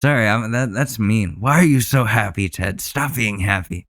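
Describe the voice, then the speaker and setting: A man's voice: lowish voice, moderate pace, fairly bright tone, no room sound. A man hosting a comedic solo podcast, riffing crudely and sarcastically about news clips. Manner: mocks public figures in a put-on voice. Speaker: podcast host.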